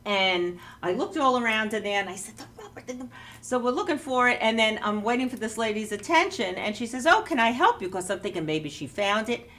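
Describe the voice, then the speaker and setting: A woman's voice: mid-range voice, lively intonation, brisk, hardly any pauses, a bit bright, far from the mic. A woman telling a rambling story on a talk show, with many restarts and some laughter. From New York. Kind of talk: casual anecdote.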